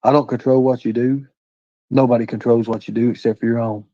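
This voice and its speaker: A man's voice: mid-range voice, little pitch movement, a little fast, dry recording, highs cut off. A man hosting a livestream, talking in a blunt, profane, preachy way with folksy phrasing like "by God" and "ain't". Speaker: livestream host. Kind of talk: heated livestream rant.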